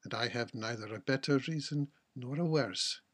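A man with a husky voice reading the lines of a poor, ugly fisherman who stays calm and stubborn. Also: mid-range voice, moderate pace. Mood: steady.

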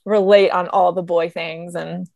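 A woman's voice: fairly low pitch, level tone, measured pace, gravelly, darkish tone, dry recording, lo-fi sound. A young mother co-hosting a podcast, telling relatable stories in an earnest, casual way. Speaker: podcast co-host. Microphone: remote call mic.

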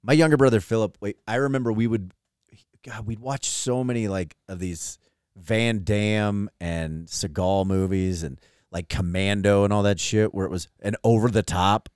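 A man's voice: on the low side, moderate pace, clean tone, no room sound, clean studio sound. A man co-hosting a casual podcast, telling a family story with profanity and frequent laughter. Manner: animated, profane, laughs while telling stories. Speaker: podcast co-host.

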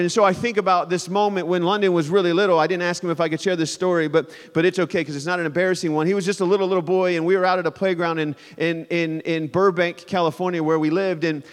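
High-voiced young pastor in echoing hall. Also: male voice. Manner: animated storytelling, swinging from loud to hushed. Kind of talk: sermon. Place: church sanctuary. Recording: long reverb of a large hall.

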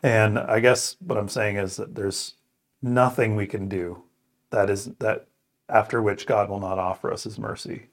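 A man's voice: lowish voice, level tone. A man praying, reading scripture aloud and reflecting in an earnest, thoughtful way. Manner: earnest, thoughtful, with pauses and restarts. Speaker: co-host of a scripture podcast.

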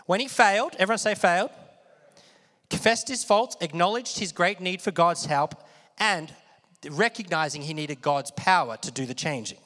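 A man with a high, slightly bright voice preaches a conversational sermon. He often asks his listeners questions and has them repeat words, and the recording carries a long hall reverb.

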